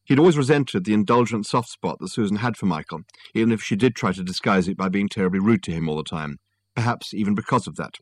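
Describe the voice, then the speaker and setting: A man narrating an audiobook in a calm, even reading voice. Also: fairly low pitch, fast.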